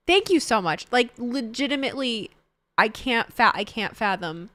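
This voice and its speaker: Bubbly, lively young woman streamer. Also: on the high side, normal speed. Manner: excitable, laughing, swears freely, reads chat aloud. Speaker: livestreamer reacting to wrestling. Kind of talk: casual live-stream chat.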